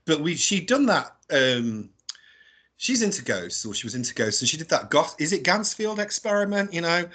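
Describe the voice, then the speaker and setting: A British man, a guest explorer, telling a story casually and in an animated way, often adding tag questions and laughing as he talks. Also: on the high side, moderate pace. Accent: British English. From England. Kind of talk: casual storytelling on a radio show.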